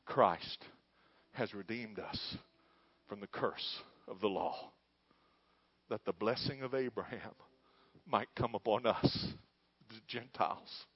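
Preacher telling a story. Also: male voice, on the low side, slow pace, husky, dry recording. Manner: storytelling, building to fervent shouting. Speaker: pastor. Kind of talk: sermon. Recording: dull dry lo-fi.

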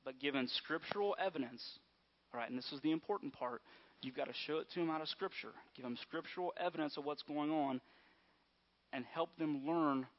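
A man's voice: fairly high pitch, brisk. A man preaching in a conversational way, often checking in with his listeners. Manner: conversational, repeatedly asks "all right?" and "amen?". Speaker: pastor. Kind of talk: sermon. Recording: dull lo-fi sound.

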